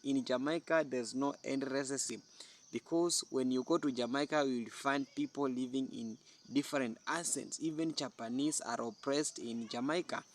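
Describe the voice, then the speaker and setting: A man's voice: medium pitch, a bit bright. A man giving spoken opinion commentary in an earnest, repetitive way, often restarting his sentences.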